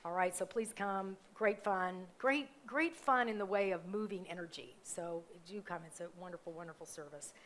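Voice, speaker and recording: A woman's voice: fairly low pitch, normal speed, few pauses. A middle-aged woman minister giving chatty, rambling announcements at a live church service, full of ums and asides. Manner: chatty, warm asides, self-correcting, many ums.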